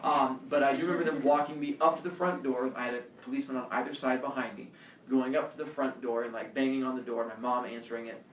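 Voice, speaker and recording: A male teacher telling a personal story to his class in a lively way, acting out scenes with shouts and voices. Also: medium pitch, fast talker, slight background noise. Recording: echoey room, mic far off.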